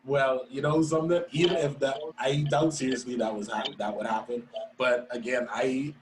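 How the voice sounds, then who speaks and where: A man at a middle pitch, talking sports on the radio in a relaxed, thoughtful way that is full of ums and you-knows. His voice sounds roomy and echoey. Steady background noise sits under it. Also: normal speed. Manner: relaxed, thoughtful, with many fillers. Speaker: sports commentator. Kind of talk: casual sports talk on radio.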